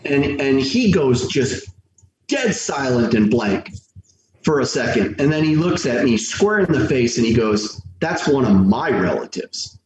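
A man telling a travel story in casual chat, animated and stumbling over his starts. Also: medium pitch, unhurried. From United States. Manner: animated, repeats words when starting sentences. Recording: echoey room, distant mic, faint hiss.

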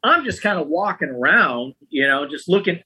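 A husky-voiced man hosting a casual chat, telling a story in a lively, chatty way. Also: a little high, moderate pace. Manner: lively, chatty, often adds "right?" and "man".

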